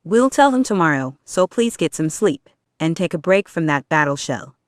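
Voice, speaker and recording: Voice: mid-range voice, big pitch swings, normal speed, no echo, studio quality, natural voice. A reader voicing a big teenage male turtle who talks sternly but not unkindly. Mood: reassuring.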